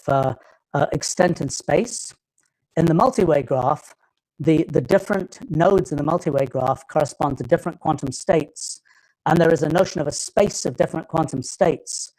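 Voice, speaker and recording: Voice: mid-range voice, darkish tone, poor audio. A lecturer with a British accent giving a live technical talk, often stopping and restarting phrases while thinking aloud.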